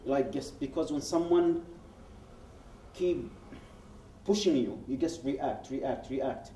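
A man's voice: mid-range voice, lively intonation, takes it slowly, mellow, slight background noise. A man, a guest speaker giving personal testimony at a public event, telling it as a story. He acts out the dialogue he quotes and often restarts his sentences. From Yemen. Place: event hall. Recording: roomy hall, speaker far from mic.

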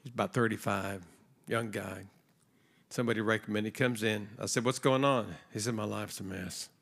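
A guest preacher's lowish, gravelly voice, slightly bright, holds a fairly even intonation at normal speed. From the church stage he preaches conversationally to the congregation, telling a story and acting out its voices.

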